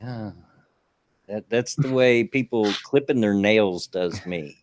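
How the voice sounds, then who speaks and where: A man's voice: lowish voice, slow, darkish tone. An older man co-hosting a casual online radio chat, folksy and rambling with many fillers. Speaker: co-host.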